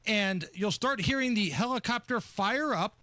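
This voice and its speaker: A man's voice: sits high, expressive, moderate pace, bright, forceful tone, no room sound. A man co-hosting a talk radio show, chatting casually and explaining the news with wry, mocking impressions. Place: radio studio. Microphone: studio microphone.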